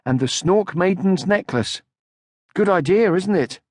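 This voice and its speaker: Guy voicing a sweet earnest little troll boy, soft and a bit higher, storybook. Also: expressive, measured pace, no echo, studio quality. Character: young male troll creature, gentle and earnest. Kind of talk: audiobook character voice.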